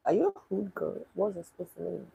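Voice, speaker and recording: A woman's voice: lowish voice, sing-song, quick pace, vocal fry, slightly rough, dry recording, phone-quality sound. A woman from Nigeria, chatting casually on a livestream and answering viewers' questions with wry disbelief. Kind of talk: casual livestream chat reading comments.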